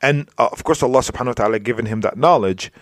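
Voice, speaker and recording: A male Islamic preacher giving a conversational religious lecture, often asking "right?" and filling pauses with "you know" and restarts. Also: medium pitch, no room sound, studio quality. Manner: informal, checks in with "right?" and "you know", many fillers and restarts.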